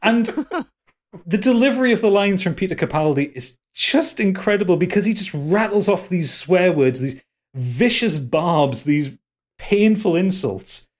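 Rambling Geordie man, slightly high voice. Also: lively intonation, a little slow. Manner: rambling, full of ums and restarts, swears freely. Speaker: podcast co-host. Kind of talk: casual podcast chat.

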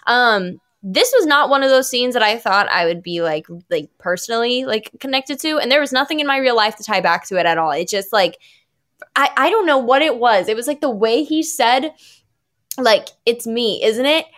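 A young woman chatting as a podcast guest, her voice sitting a touch high. She tells stories animatedly and scatters fillers throughout. The delivery stays loose and conversational. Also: normal speed. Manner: animated, filler-heavy storytelling. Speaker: actress guest. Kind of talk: casual podcast chat.

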